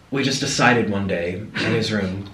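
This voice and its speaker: A man vlogger chatting casually and telling a story with lively animation. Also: fairly low pitch. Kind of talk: casual chat. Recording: echoey room, mic at a distance.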